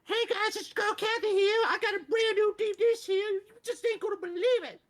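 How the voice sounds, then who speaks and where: A man voicing a loud, hyped-up infomercial saleswoman in a brassy voice. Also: extremely high pitch, fairly quick, pitched above the performer's own voice.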